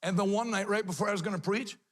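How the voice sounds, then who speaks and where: High-pitched fiery shouting preacher man. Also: quick pace. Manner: bold, shouting, fiery delivery. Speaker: evangelist preacher. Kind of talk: preaching and storytelling.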